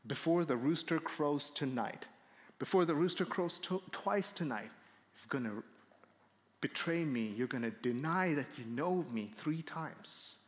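A man voicing Jesus as a calm, grave teacher, speaking softly in a measured way, with a higher voice and a long hall echo.

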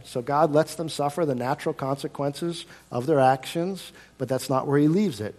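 A male pastor preaching a sermon, swinging between loud emphasis and quiet hushed lines, and putting rhetorical questions to the congregation. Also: medium pitch, lively intonation, normal speed, hardly any pauses.

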